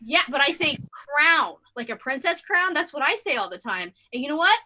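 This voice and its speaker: High, lively woman rambling on stage. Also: normal speed, slight background noise. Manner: rambling, self-deprecating, filler-heavy. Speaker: improv comedian. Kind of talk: improvised stand-up. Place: theatre stage.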